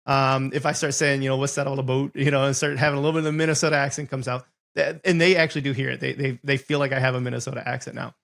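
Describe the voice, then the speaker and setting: A man from Ohio hosting a podcast, with a gravelly, creaky edge to a mid-pitched voice. He talks in a chatty way, telling stories and dropping frequent ums. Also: fairly even intonation, rapid-fire, hardly any pauses, a bit bright. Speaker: podcast host. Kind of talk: casual conversational interview.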